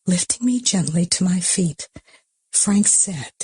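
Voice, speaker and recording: A woman reads an audiobook in a husky, breathy voice, dropping often into a half-whisper. Her tone is mellow and low-pitched, and the sound is dry and close. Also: lively intonation, takes it slowly, dry recording. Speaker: audiobook narrator. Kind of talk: audiobook reading.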